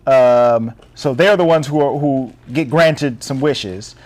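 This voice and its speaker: A man's voice: mid-range voice, slow pace, darkish tone. A man co-hosting a podcast, casually recapping a film with lots of fillers, restarts and laughs. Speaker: podcast co-host. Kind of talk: casual chat.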